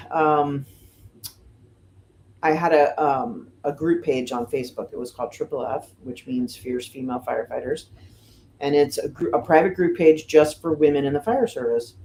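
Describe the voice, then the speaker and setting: A middle-aged woman from the United States, a fire lieutenant, telling stories casually in an interview, with lots of "you know" and "um" and lively voices for the people she quotes. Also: low-pitched, a little slow, a little hiss or hum. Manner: chatty, fills with "you know" and "um", animated retelling of quotes. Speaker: firefighter lieutenant and guest.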